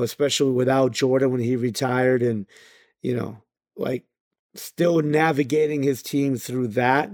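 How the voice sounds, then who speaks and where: A man's voice: mid-range voice, darkish tone, no room sound, studio quality. A man co-hosting a basketball podcast, talking in a rambling, loose way full of fillers. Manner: rambling, many fillers and restarts. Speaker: podcast co-host. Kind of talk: casual chat.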